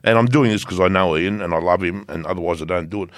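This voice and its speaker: A man's voice: low voice, quick pace, dry recording, clean studio sound. A man co-hosting a casual, sweary motorbike podcast. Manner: loose, sweary, laughing. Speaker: podcast co-host.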